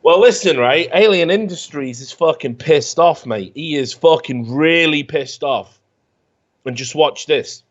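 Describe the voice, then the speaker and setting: A man's voice: on the high side, a little slow, lo-fi sound. A man hosting a casual comedy show, reading online comments aloud and mocking them with sarcasm and frequent swearing. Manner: animated, sarcastic, swearing freely. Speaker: host.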